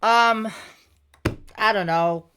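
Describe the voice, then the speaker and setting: Bright-voiced woman, ranting podcast host. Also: mid-range voice, very slow, clean tone. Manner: exasperated ranting, swears freely. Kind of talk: casual podcast chat.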